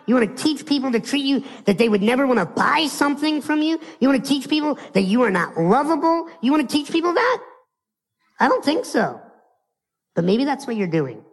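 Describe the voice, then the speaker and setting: A man's voice: very high-pitched, creaky, long reverb tail. An American man giving a live motivational keynote, telling stories playfully and speaking straight to his audience. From United States.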